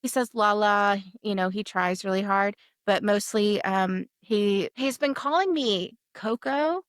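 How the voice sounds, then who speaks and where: A woman's voice: medium pitch, measured pace, no echo, studio quality. A young woman co-hosting a podcast from her apartment, chatting casually and telling stories with lots of laughs. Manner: giggly, animated storytelling. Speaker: podcast co-host. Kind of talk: casual chat.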